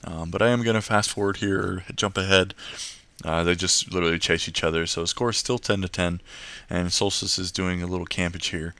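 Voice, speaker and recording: A man's voice: low voice, fairly even intonation, fairly quick, sharp tone, no room sound. A young man giving casual, rambling gameplay commentary and tips, full of fillers and restarts.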